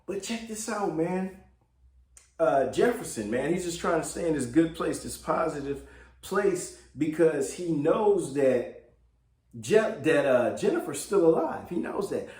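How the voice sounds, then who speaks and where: A man's voice: a little high, animated, measured pace, a little mellow. A man giving a loose, casual recap of a TV episode, chatty and full of fillers. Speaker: TV show recap blogger. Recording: roomy echo.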